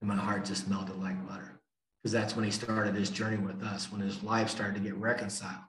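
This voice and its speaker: A man's voice: lowish voice, flat delivery, a little fast, fairly bright tone, slight background noise. An older man speaking at a recovery meeting, telling his story emphatically and repeating key lines for effect. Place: meeting room. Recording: echoey room.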